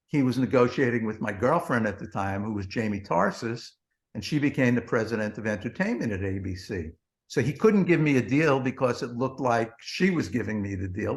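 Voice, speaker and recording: A man, a former TV producer guesting on a podcast, telling rambling, profane backstage anecdotes full of "he goes" and "blah, blah.". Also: mid-range voice. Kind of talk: anecdotal storytelling.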